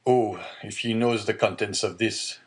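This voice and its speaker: A man's voice: lowish voice, fairly even intonation, measured pace, lightly acted. A man reading a stern, shaken magistrate. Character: stern male magistrate, secretly panicked.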